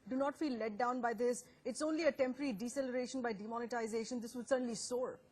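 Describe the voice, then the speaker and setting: A woman anchoring a live TV news panel, brisk and quick to interject. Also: fairly high pitch, steady tone, darkish tone, slightly rough.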